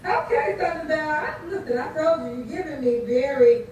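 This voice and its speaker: A woman's voice: sits high, brisk, darkish tone. A woman hosting a dating show, chatty and sassy as she interviews a guest. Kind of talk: upbeat live interview. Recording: echoey, distant, faint noise.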